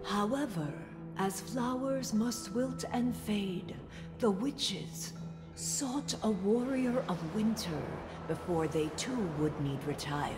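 A woman's voice: medium pitch, animated, slow pace. An actress playing a solemn female storyteller in a video game cutscene, narrating in an incantatory way. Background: game music.

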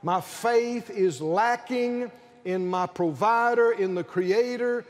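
An older man with a Southern accent preaching a sermon to a convention congregation, calling for responses and rising to shouts. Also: high voice, slow. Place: large convention hall with congregation.

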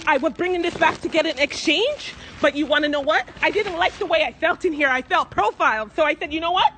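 A woman filming herself in a clothing store on her phone, indignant, loud and swearing, close to tears as she argues with staff. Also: sits high, a little fast, a little hiss or hum. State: tearful, near crying. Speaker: shopper confronting store staff. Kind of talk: self-filmed confrontation. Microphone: phone camera held by speaker.

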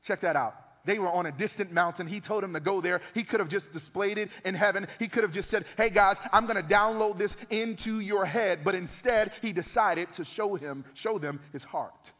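Pastor in his thirties, high-pitched man, preaches with build-ups to loud peaks; reverberant church hall. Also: a little fast, few pauses. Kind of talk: sermon.

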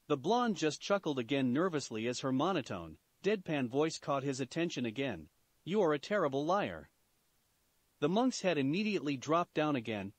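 Male narrator, animated story reading, fairly high voice. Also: dry recording. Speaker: fan-fiction reader.

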